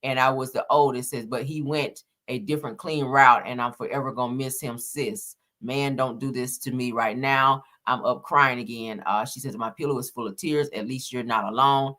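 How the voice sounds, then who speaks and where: A woman commentating on celebrity gossip, reading out text messages haltingly with many fillers and casual slang asides. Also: a bass voice, steady tone, a bit bright.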